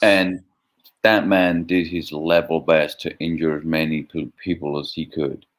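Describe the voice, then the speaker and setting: A man's voice: very deep voice, flat delivery, a little slow. A man co-hosting a casual sports chat, emphatic and profane. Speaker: co-host. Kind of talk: casual banter among friends.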